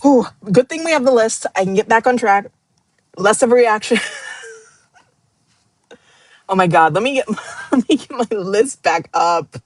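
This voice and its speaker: Her voice is a little high and animated, measured in pace with frequent pauses and no echo. This glasses-wearing woman streams a casual book club from her screen, becoming emotional, laughing and almost in tears while rereading passages.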